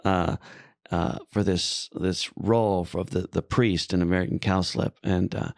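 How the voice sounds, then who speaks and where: Laid-back male podcast host, gravelly and low, dry close sound. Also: fairly even intonation, a little slow, a little mellow, dry recording. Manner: laid-back, drops in expletives. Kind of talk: casual chat.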